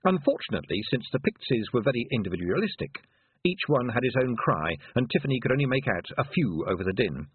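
A man reading a storybook aloud with expressive, animated narration. The sound is tinny and dry. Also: mid-range voice, quick pace, husky, no echo. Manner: animated, voices characters. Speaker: audiobook narrator.

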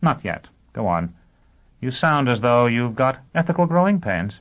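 Crisp, assured male lawyer voiced by a man, lively delivery, tinny phone-like sound. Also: mid-range voice, moderate pace, voice pushed up, lightly acted. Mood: brisk. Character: brisk, confident male lawyer.

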